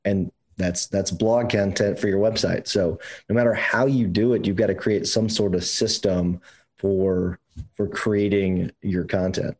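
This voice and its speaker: Husky lowish guy on a podcast, gets loud and high when he's making a point, swears a lot. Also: steady tone, measured pace, rough recording. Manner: emphatic, climbs in pitch when pressing a point, casual swearing. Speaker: podcast co-host. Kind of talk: casual podcast chat.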